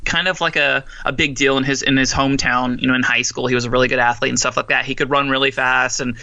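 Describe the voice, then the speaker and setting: Young male co-host, very bright tone, dry mic, relaxed reading with asides. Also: medium pitch, fast, vocal fry, dry recording, lo-fi sound. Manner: relaxed, reads a plot summary aloud with asides. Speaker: podcast co-host. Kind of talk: casual movie chat.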